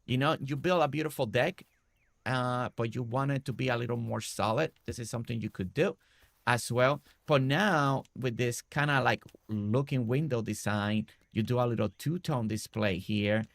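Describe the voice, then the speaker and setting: A man with a gravelly, creaky voice at a middle pitch talks through a game build in a relaxed tutorial way. He walks the listener through each step, tagging his points with "right?", and sounds close and dry with no room echo. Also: normal speed. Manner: explains step by step, often adding "right?". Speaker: game streamer. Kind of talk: casual building tutorial commentary.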